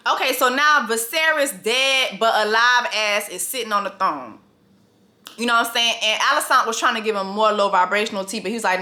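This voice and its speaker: A woman recapping a TV episode in a casual comedic rant, profane and animated, acting out the characters and laughing often. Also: on the high side, normal speed.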